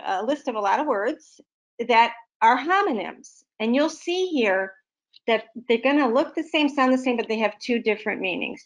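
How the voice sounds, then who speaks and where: A woman literacy tutor giving a recorded vocabulary lesson, explaining slowly with many everyday examples. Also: on the high side.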